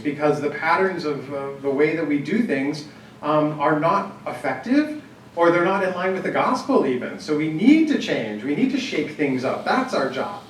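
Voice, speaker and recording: A man's voice: on the high side, slight background noise. A man giving a conversational talk to a live group, telling anecdotes and leading an exercise, with frequent fillers and restarts. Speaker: workshop speaker on church planning. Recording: echoey hall, distant mic, faint ambience.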